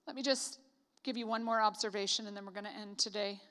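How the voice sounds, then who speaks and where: A woman's voice: mid-range voice, steady tone, fast, bright, forceful tone, smooth. A Canadian woman preaching a casual sermon, chatty and joking with lots of "like" asides. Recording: reverberant hall.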